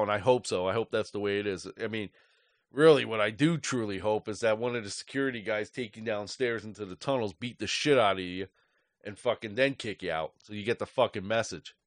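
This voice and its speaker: A man's voice: fairly low pitch, a bit bright, dry recording. Angry profane man ranting, dry mic. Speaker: sports podcast host. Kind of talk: ranting fan commentary.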